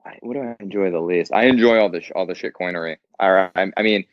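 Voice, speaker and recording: A man's voice: deep voice, quick pace, dry recording. A man talking as an interview guest in casual chat, blunt and profane, laughing often. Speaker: podcast guest. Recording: dry, dull lo-fi sound.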